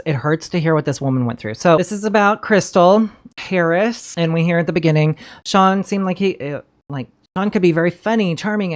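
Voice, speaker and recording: A woman giving casual, chatty commentary on a TV episode, swearing freely and talking straight to her viewers. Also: deep voice. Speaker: TV show reviewer.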